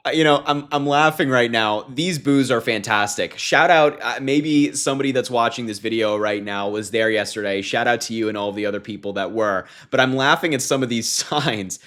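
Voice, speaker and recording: A man's voice: medium pitch, normal speed, few pauses, a bit bright. Young male commentator, emphatic, mid-range voice, laughs easily. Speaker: political commentator. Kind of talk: political commentary vlog.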